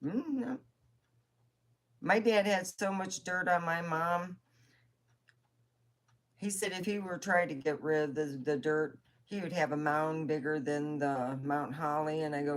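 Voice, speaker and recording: This woman vlogger tells personal stories in a chatty, rambling style, swearing along the way. She speaks unhurriedly with a fairly low pitch, in a casual storytelling mode.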